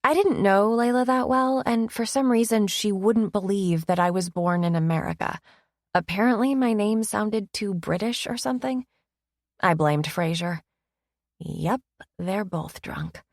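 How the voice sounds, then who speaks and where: A woman narrating a romance audiobook in first person, with a wry, expressive manner, close to the mic. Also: mid-range voice, moderate pace, dry recording.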